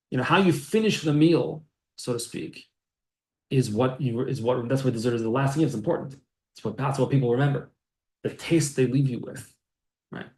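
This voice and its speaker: A man's voice: fairly high pitch, darkish tone. A man teaching a Torah class, reading and explaining sources aloud and asking and answering his own questions. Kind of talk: text-based Torah class. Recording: echoey room.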